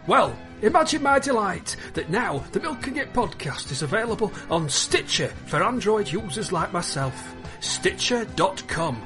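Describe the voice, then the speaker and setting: A man's voice: high-pitched, big pitch swings, normal speed, music in the background. A man voicing a cheerful male plant-creature from an eighties cartoon, reading a spoof sponsor promo in a chummy, folksy way.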